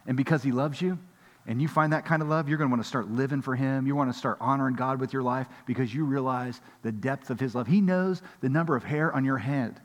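A middle-aged male pastor giving a conversational sermon that builds into animated storytelling. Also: medium pitch, fast talker. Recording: long hall reverb.

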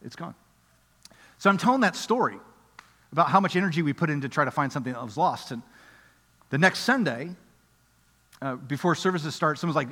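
A middle-aged man preaching a sermon, telling a story in a lively, conversational way, going from loud excitement to quiet earnest appeals. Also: mid-range voice, brisk, long pauses. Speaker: pastor. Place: church auditorium. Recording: music under voice in a reverberant hall.

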